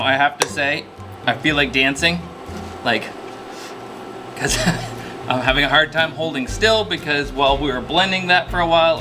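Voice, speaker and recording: A man hosting his own cooking video, chatting casually as he cooks and laughing at his own mistakes. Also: medium pitch. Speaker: cooking channel host.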